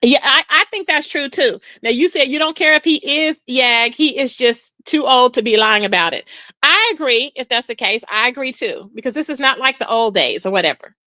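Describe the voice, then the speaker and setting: A woman's voice: high-pitched, normal speed, no room sound. A woman hosting a live stream, chatting casually with viewers and reacting to comments with lots of "child". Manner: chatty, animated, says "child" often.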